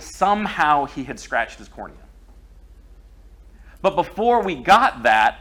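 A middle-aged man delivers a sermon from the pulpit. His voice sits in a middle pitch, and he keeps it conversational. He tells a personal story the way he might tell it to friends. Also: fairly bright tone. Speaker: preacher.

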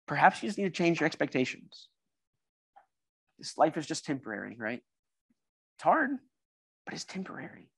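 A man's voice: on the high side, no echo. A man preaching a sermon in a church service, earnest and emphatic, building his points through repeated phrases.

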